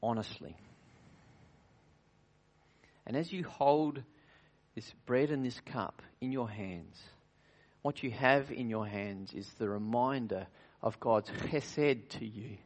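A man serving as pastor, preaching earnestly at communion, asking rhetorical questions and sinking to quiet, intimate tones. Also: mid-range voice, slow pace, pauses often. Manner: earnest, varies loudness widely, drops to near-whisper at times; frequent restarts and rhetorical questions. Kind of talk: communion sermon.

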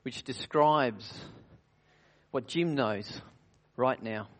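A man leads a communion sermon in an earnest, searching way. His voice sits in a middle register, and he poses rhetorical questions and stumbles into restarts. His loudness rises and sinks, at times almost to a hush. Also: medium pitch, extremely slow. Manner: earnest, varies loudness widely, drops to near-whisper at times. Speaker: pastor.

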